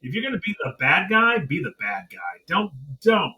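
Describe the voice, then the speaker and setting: A man's voice: high voice, sing-song, moderate pace, sharp tone, recorded from a distance, rough recording. A man co-hosting a wrestling review podcast, ranting heatedly in casual chat, swearing and mimicking people in mocking voices. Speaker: podcast co-host.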